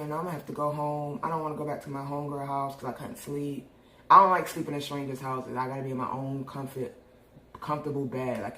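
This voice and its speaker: Animated, cussing young New woman. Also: low voice. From New York. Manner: animated, profane, laughs often. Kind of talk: casual storytelling. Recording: roomy echo.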